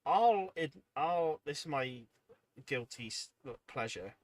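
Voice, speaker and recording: A man's voice: a little high, animated, slow, no echo. A man hosting a hobby livestream, chatting casually and reading out viewer comments, rambling and self-deprecating, sounding tired and yawning. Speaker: livestream host.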